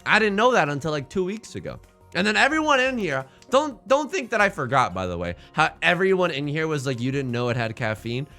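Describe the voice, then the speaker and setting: A man streaming a mahjong game, chatting casually with his chat in a jokey, animated way with mock-heated rants. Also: high voice, brisk, faint music behind. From born outside the United States. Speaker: Twitch streamer playing mahjong.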